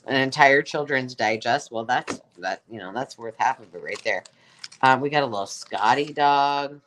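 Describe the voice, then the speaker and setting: A woman's voice: a bass voice, normal speed, fairly bright tone, a little hiss or hum. Chatty woman rambling through a live sale. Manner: rambling, chatty, exclaiming over items. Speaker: host selling craft supplies. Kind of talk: casual live sale chat.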